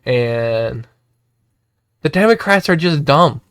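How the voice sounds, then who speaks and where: Young male streamer, slightly high, smooth voice, excitable rant, dry close mic. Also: slow pace, no room sound. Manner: excitable, repetitive, swears and shouts when worked up. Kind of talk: casual political rant to chat.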